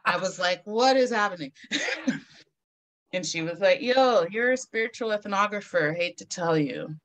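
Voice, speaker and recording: A woman of Caribbean heritage telling personal stories in a casual chat, animated, swearing freely and acting out other people's voices. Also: lowish voice, unhurried. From Caribbean heritage, raised in the US. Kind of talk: candid casual conversation.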